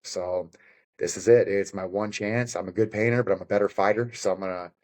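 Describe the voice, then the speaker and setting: A man's voice: sits low, steady tone, fairly quick, darkish tone. A man, a fighter guest on a podcast, talking in a rambling, profane and fired-up way in casual conversation. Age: adult with children.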